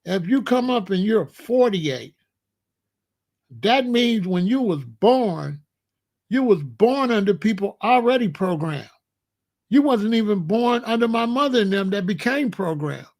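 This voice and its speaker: High-pitched guy in his 60s, going off on a casual rant, repeats himself, drags words out slow. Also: lively intonation, a little mellow. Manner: emphatic, repetitive, drawn-out phrasing. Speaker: show host. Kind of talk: casual monologue.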